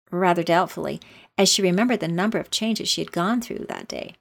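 Woman calmly reading a storybook. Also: on the low side, moderate pace, vocal fry. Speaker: narrator.

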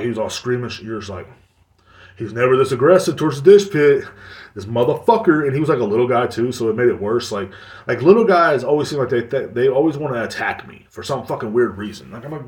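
Recorded roomy through a distant mic, a male podcast host rambles through a lengthy, casual, foul-mouthed story. He talks fast in a mid-range voice.

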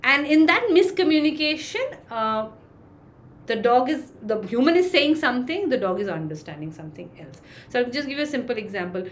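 A woman's voice: on the high side, very animated, fairly quick, slight background noise. A woman, a dog trainer answering interview questions and acting out little examples as she explains. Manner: explains with acted-out examples, many fillers.

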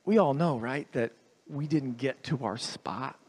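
A man's voice: mid-range voice, measured pace, a little mellow, breathy edge. A man preaching a sermon as a guest speaker in a church, earnest and emphatic, repeating his phrases for weight. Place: church hall with a congregation.

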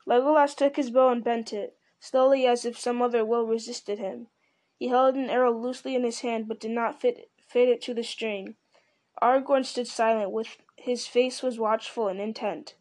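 A woman reading a fantasy novel aloud with even, deliberate storytelling. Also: fairly high pitch. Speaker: reader.

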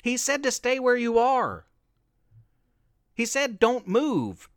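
A man's voice: high voice, wildly swooping pitch, slow pace, a bit bright, no echo, clean studio sound, exaggerated voice. A man doing a cautious, insistent girl. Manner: careful, insistent warnings. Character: cautious young girl, sensible and worried.

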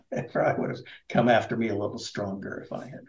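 A man's voice: lowish voice, fast talker, gravelly, roomy sound, highs cut off. A middle-aged man from Indiana, a political candidate, talking casually in an interview with lots of fillers and restarts. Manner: rambling, many fillers and restarts.

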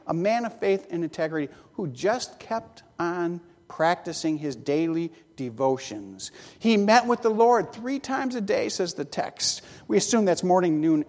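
A preacher tells a story from the pulpit, the voice swinging widely up and down between rhetorical questions and dry jokes. The sound carries a long reverb, as in a large sanctuary. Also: mid-range voice. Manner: animated storytelling with rhetorical questions and wry asides. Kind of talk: sermon.

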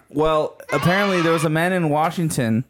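A man's voice: a little high, normal speed, creaky, noisy background. A man co-hosting a podcast in casual chat, rambling and laughing easily as he restarts his sentences. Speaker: podcast co-host.

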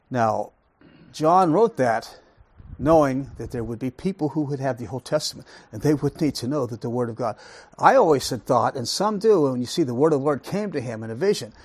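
A man's voice: medium pitch, expressive, brisk, a little mellow, slightly rough, dry recording. A man leading a Bible study lesson, talking emphatically, asking rhetorical questions and repeating words for stress. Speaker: Bible teacher.

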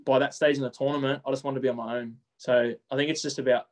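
Aussie coach guy, rattles along quick, pretty monotone. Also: mid-range voice. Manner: quick, even, repeats words on restarts. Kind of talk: interview answers.

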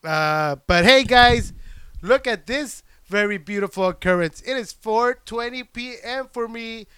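A young man hosts his podcast into a handheld microphone, swearing freely and rambling excitedly with lots of restarts. His voice sits high and comes through smooth and resonant. The sound is dry and close, with no room around it. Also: unhurried, dry recording. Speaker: podcast host and stand-up comic. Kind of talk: casual rambling podcast chat. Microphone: handheld microphone plugged into a computer.

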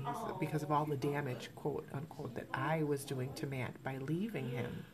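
A middle-aged woman hosting a podcast, telling a personal story in an emotional, halting way with many restarts. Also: sits low. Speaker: podcast host.

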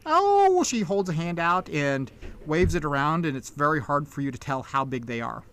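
Game master, relaxed descriptive narration, middle pitch. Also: normal speed, clear, resonant tone.

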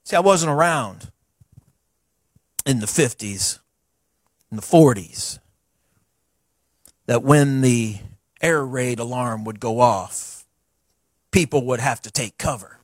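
A middle-aged man, a pastor preaching a sermon to his church in a folksy, animated way with chatty asides. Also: mid-range voice, slow, long pauses, no room sound, studio quality. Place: church sanctuary.

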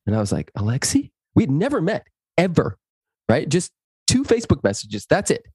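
A man's voice: fairly high pitch, fairly quick, husky, no echo, clean studio sound. A man, a guest in an interview, telling a personal story and acting out the dialogue in it. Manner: animated, acts out dialogue in his stories.

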